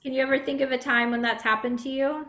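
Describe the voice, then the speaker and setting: A woman's voice: sits high, steady tone, fast talker, bright, forceful tone. A woman pastor giving a children's message, asking the children friendly questions. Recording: echoey room.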